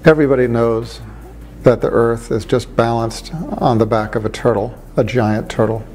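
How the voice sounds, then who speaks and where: A man voicing a dismissive old woman in a joke he retells, in close to his own mellow voice. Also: mid-range voice, level tone, moderate pace, close to an everyday voice. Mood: scolding. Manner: dismissive, scolding. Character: scolding know-it-all old woman in a joke.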